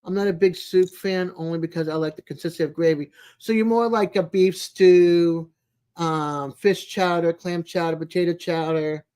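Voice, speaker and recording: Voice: medium pitch, a little mellow, clean tone. An adult live streamer in casual, rambling chat, greeting viewers by name and making homey small talk with plenty of fillers. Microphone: home streaming mic, no camera.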